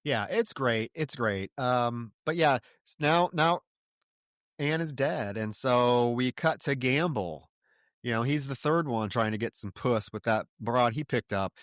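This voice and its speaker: A man co-hosting a podcast, retelling a movie plot in a relaxed, rambling way. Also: mid-range voice, a little slow, dry recording, clean studio sound. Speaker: podcast co-host. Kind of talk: casual film recap.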